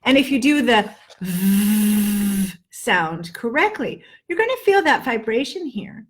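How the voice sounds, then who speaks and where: A woman's voice: fairly high pitch, big pitch swings, slow pace. Playful woman teaching pronunciation. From Netherlands-based. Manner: playful, joking, exaggerated drills. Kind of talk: live online lesson. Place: home, indoors.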